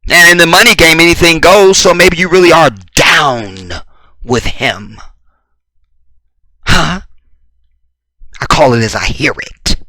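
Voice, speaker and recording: A man's voice: on the high side, slow, pauses often, pushed and bright, no room sound. A man giving a combative, profane reaction commentary full of rhetorical questions.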